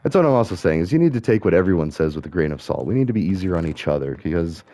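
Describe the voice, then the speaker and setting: Man, middle-aged, deep voice, rambling game commentary, self-correcting, dry close sound. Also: very animated, very fast, warm tone, no echo. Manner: meandering, self-correcting, musing aloud. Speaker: gaming streamer. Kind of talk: rambling casual commentary while gaming.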